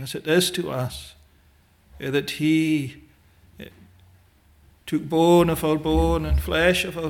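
A man preaching a sermon in a slow, deliberate way, pausing often with "eh" and quoting old scriptural phrasing. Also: a little high.

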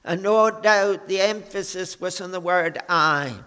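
A man preaching a sermon in an earnest, unhurried way, pausing often with fillers. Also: high voice, sharp tone, smooth, big-room sound. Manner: slow, earnest preaching with many pauses and fillers.

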